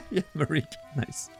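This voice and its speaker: A man streaming a game, chatting casually in an excitable, laughing, self-deprecating way. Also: sits high, vocal fry. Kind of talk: casual gameplay chat.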